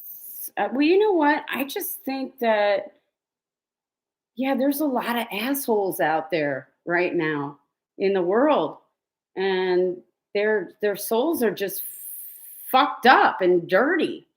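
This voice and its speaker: A woman's voice: medium pitch, lively intonation, slow pace, long pauses. A woman telling stories in a casual, rambling way, blunt and profane, with many fillers and laughs between lines. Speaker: vlogger. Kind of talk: casual storytelling.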